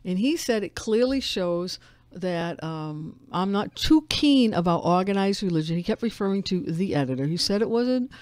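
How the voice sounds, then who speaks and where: A woman, a newspaper editor telling stories as a guest in a casual radio interview, animated and full of restarts. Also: medium pitch, normal speed, dry recording. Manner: animated storyteller, frequent restarts and laughs.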